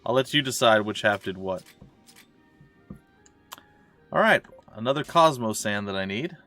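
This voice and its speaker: Chatty low-voiced man streaming a game. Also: animated, measured pace, pushed and bright, soft background music. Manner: chatty, self-mocking, meandering asides. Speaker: let's play streamer. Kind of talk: casual rambling gameplay commentary. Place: at home.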